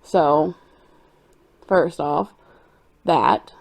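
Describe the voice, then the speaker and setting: A woman's voice: sits low, extremely slow, vocal fry, a little mellow. A young woman rambling casually about movies and dreams while doing her cosplay makeup, chatty and giggly. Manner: chatty, tangent-prone, giggly storytelling.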